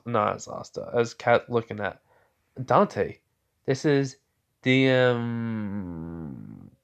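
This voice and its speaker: A young man retelling a fan story in a rambling, casual way, full of fillers. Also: medium pitch.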